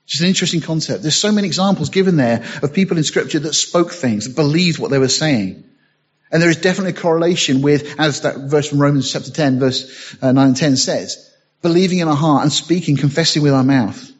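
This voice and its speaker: Husky preacher man, dull lo-fi sound. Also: a little high, fast talker. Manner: reads scripture aloud, rising to emphatic bursts. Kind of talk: sermon.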